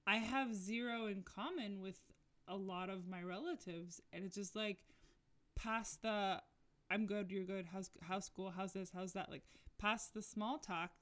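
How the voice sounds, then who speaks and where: A woman talks in a relaxed, candid way among friends. She rambles and fills her sentences with likes and pauses. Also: mid-range voice. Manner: rambling, candid, many fillers. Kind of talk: casual chat.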